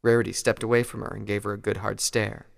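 A man narrating a pony story in an even storytelling read. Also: on the low side, fast talker, vocal fry. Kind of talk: fan fiction audiobook narration. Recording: long hall reverb.

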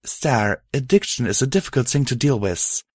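A man reading aloud and voicing a gentle, loving female pony who speaks softly and reassuringly. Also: medium pitch, animated, normal speed, slightly rough, dry recording, clean studio sound, pitched above the performer's own voice. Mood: tender. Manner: soft, reassuring.

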